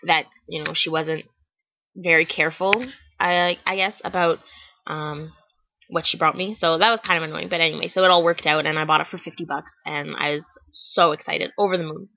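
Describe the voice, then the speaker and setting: A woman's voice: sits low, fairly even intonation, normal speed, creaky, sharp tone. Young woman rambling through funny stories, lots of ums, bit muffled recording. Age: young adult. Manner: chatty, many fillers and restarts. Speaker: vlogger. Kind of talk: casual storytelling to camera.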